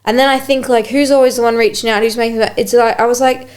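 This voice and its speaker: A young woman with a voice pitched a little high tells a story in lively, casual chat. She swears freely and jumps up into quoted lines. She sounds like a podcast host caught up in her own story. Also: fast. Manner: animated, swears freely, acts out quotes in a raised voice.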